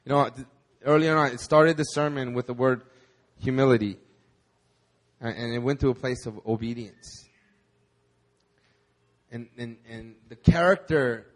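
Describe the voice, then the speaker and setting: A man preaching a sermon at a church service, animated and repeating words for emphasis. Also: mid-range voice. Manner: animated, acts out quoted voices, repeats words when stressing. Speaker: pastor.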